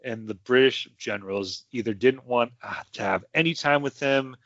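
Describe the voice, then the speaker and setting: With a mid-range, slightly bright voice at a moderate pace, a young man hosting a podcast tells history casually, wandering through fillers and side comments. The audio is dry and muffled from a home podcast mic, with no echo.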